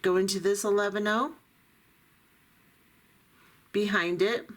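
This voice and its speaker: A woman's voice: medium pitch, fairly even intonation, slow pace. A middle-aged or older woman giving patient, step-by-step beading instructions while she works with her hands. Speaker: beading tutorial host.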